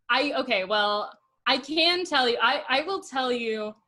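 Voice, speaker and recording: A young woman hosts a podcast, speaking slowly in a sharp tone as she tells stories in casual chat. She giggles a lot and acts out quotes in a low voice.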